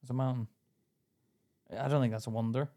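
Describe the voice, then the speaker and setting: A man's voice: medium pitch, fairly even intonation, a little fast, dark tone. A young British man with an ordinary mid-range voice, talking casually on a podcast. He hesitates and mumbles through half-sure guesses. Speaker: podcast co-host. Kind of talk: casual banter, reading a list.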